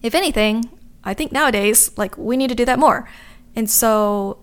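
A woman's voice: a little high, moderate pace, smooth. A woman talking candidly to her viewers in a casual, chatty way, wandering off into asides. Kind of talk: casual chat to camera.

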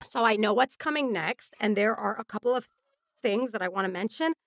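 A woman's voice: medium pitch, expressive, a little fast, dry recording. A woman co-hosting a casual chat, chiming in with dry, teasing remarks.

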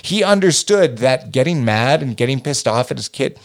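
Animated, swearing man telling a story. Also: medium pitch, normal speed. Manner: animated, profane, rising sharply when acting out his younger self. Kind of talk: casual storytelling.

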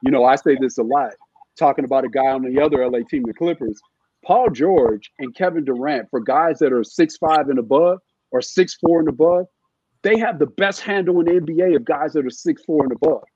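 A middle-aged man talking basketball as a podcast guest, halting and restarting often with many fillers. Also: on the high side, darkish tone, breathy edge, highs cut off. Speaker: guest, former NBA scout. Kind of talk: casual podcast chat.

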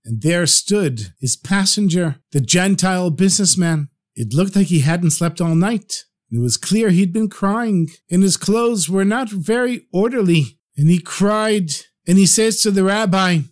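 Male storyteller, somewhat high pitch, acts out voices. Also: normal speed. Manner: expressive, acts out characters' pleas. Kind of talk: storytelling narration.

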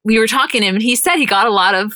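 A young woman co-hosting a podcast in casual, chatty, animated talk that includes casual swearing. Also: a little high, racing, dry recording. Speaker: podcast co-host. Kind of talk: casual chat.

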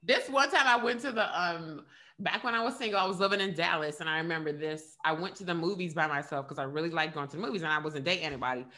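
A woman's voice: lowish voice, fast talker. A woman hosting a podcast who chats casually and tells stories with lots of laughter. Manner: animated storytelling, laughs often. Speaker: podcast host. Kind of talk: casual chat.

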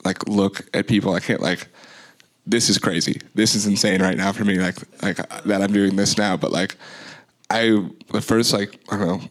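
A man's voice: low-pitched, steady tone, moderate pace. A young man telling a long, rambling story as an interview guest, filling his talk with "like". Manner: loose, rambling, heavy use of "like". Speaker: guest, DJ and music producer.

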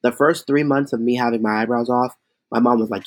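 A man who performs as a drag queen, telling chatty, animated stories in a casual interview, with lots of fillers. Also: medium pitch, fairly quick, no room sound.

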